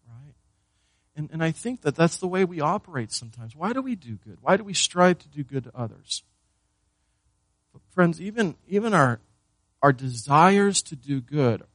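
A man's voice: mid-range voice, a bit bright, no echo. A man preaching a sermon as pastor, earnest, often repeating words and asking the listeners questions.

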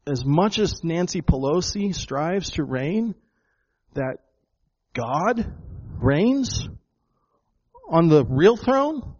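A man's voice: on the high side, very animated, drawn-out words, long pauses, darkish tone, slightly rough, muffled recording. A pastor preaching a sermon to his congregation, emphatic, often repeating words and calling them folks. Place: church hall with a congregation.

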